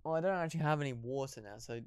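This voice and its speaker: A young man hosts a casual solo podcast, rambling along, poking fun at himself and laughing at his own expense. His mid-range voice is clear and resonant, and he talks very fast. The recording is dry with clean studio sound.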